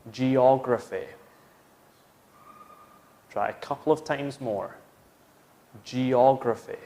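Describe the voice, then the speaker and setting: A man's voice: medium pitch, darkish tone. A British man teaching English vocabulary, patiently modelling words for learners to repeat. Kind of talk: slow, clear classroom instruction.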